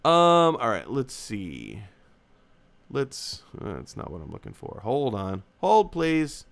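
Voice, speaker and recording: Animated young man on a live movie stream. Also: fairly low pitch, takes it slowly, gravelly. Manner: rambling, restarts, many fillers. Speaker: host of a live movie chat show. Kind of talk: casual live-stream chat reading viewer comments.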